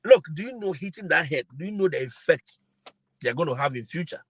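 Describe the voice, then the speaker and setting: A man's voice: fairly high pitch, lively intonation, a little fast, fairly bright tone, slightly rough, no echo, low-quality recording. A man hosting a live-stream advice talk. He is preachy and emphatic and repeats his phrases. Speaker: host giving advice to teachers.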